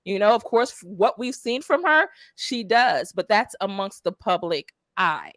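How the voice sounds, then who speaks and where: A woman's voice: medium pitch, expressive, measured pace, dry recording. A woman hosting a true crime livestream, chatty and laughing often as she talks straight to her viewers. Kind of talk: casual livestream commentary.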